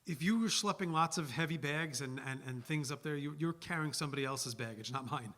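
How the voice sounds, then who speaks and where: A man voicing a calm, wealthy male businessman who speaks in a hesitant, mildly amused way. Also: fairly high pitch, fairly quick.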